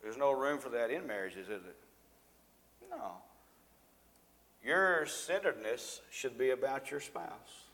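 A man's voice: medium pitch, lively intonation, unhurried, long pauses, bright, forceful tone. A middle-aged man giving a conversational live sermon to a congregation, asking the audience questions and often repeating himself. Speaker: lay preacher and school teacher. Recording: long reverb of a large hall.

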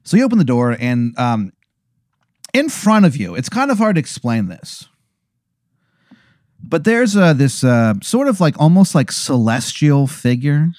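A man improvising a comic hypothetical scene, halting and searching for words with many fillers. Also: on the high side, sing-song, a little mellow, no echo, clean studio sound. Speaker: storyteller posing a hypothetical. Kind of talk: improvised comedic narration.

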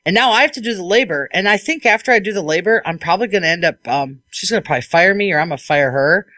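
A woman hosting a podcast as an IT technician, telling a work story in a lively, casual way and acting out what people said. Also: on the low side, fast talker, no echo.

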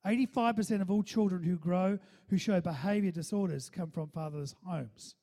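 A male pastor delivers a sermon with a high, mellow voice. He keeps checking in with his listeners and doubles back on words as he talks. The sound carries a long hall reverb. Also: fairly quick. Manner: calls for audience response, repeats words.

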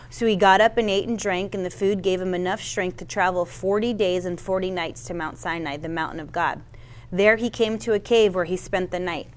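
A woman giving a sermon, reading a Bible passage aloud with casual asides and stumbles over names. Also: mid-range voice. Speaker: Bible teacher.

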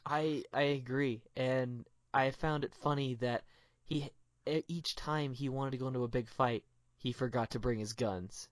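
A man chatting casually about a movie, enthusiastic and quick to laugh. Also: mid-range voice, steady tone, no echo. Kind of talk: casual film chat.

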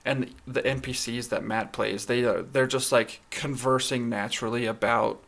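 Gravelly man in casual podcast chat. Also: mid-range voice, fairly even intonation, normal speed, a bit bright. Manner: enthusiastic, laughs while retelling scenes. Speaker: podcast co-host.

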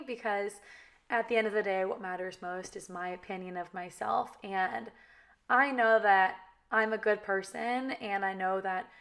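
A woman's voice: mid-range voice, fairly bright tone. Young adult woman, valley girl accent, candid chatty talk to camera. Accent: Californian valley girl. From California. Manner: chatty, frequent "you know" and "like". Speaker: reality TV cast member.

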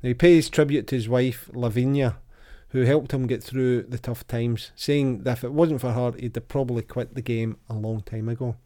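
A man hosts a relaxed football podcast, reading from an old magazine and quizzing his co-host. His voice is dark and mellow, with a chatty, easygoing delivery. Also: medium pitch, normal speed, hardly any pauses. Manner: chatty, reads quotes aloud with lively voices. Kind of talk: casual football chat.

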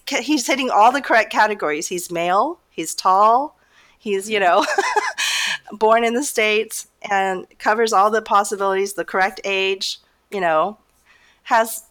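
A woman's voice: mid-range voice, fairly bright tone. A middle-aged woman talking casually as a guest, laughing often and rambling with many fillers. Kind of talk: casual conversation.

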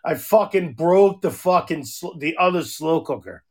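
A man co-hosts a podcast in casual chat, rambling through profane stories and acting out quoted voices. His voice is a little high and a little slow, animated, somewhat mellow and slightly rough.

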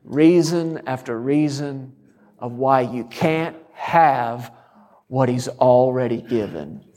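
A man's voice: medium pitch, slow, darkish tone. A man preaching a sermon, driving his points home through repeated declarations and rhetorical questions.

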